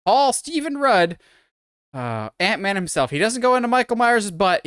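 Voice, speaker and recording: A man's voice: fairly high pitch, fairly bright tone, no echo, clean studio sound. A man co-hosting a podcast, rambling through an opinionated film breakdown in casual chat. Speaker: podcast co-host.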